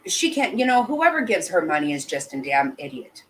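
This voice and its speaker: A woman with a low voice gives live commentary to her chat. She talks bluntly and emotionally, swears freely and keeps breaking off and restarting her sentences. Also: big pitch swings, brisk, fairly bright tone, low-quality recording. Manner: blunt and heated, with frequent swearing. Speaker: channel host.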